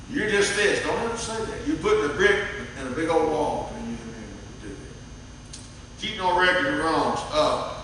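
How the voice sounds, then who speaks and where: A man's voice: a little high, pushed and bright, a little hiss or hum. An older man preaching a sermon as pastor, telling homespun stories with frequent restarts. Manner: folksy storytelling with frequent restarts. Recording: echoey hall, mic at a distance.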